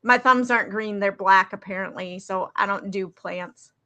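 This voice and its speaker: Bright, animated woman co-host. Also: mid-range voice, normal speed. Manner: animated, laughs often, quotes characters sarcastically. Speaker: podcast co-host. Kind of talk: casual drunk movie review chat.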